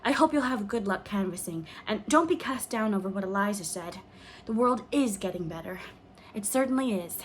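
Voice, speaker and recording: A woman's voice: medium pitch, expressive, moderate pace, slight background noise, lightly acted. A woman reading an audiobook, voicing a plump, cheerful older woman who is a timid optimist. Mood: hopeful. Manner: bright, hopeful.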